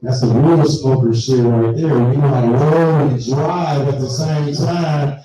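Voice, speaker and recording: A middle-aged man doing a profane, animated stand-up comedy set at a live venue. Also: medium pitch, unhurried, faint music behind. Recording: very echoey live room, mic far off.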